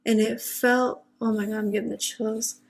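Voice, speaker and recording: A young woman retelling a personal story in a casual, halting, hushed and unsettled way. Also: on the high side, little pitch movement, creaky.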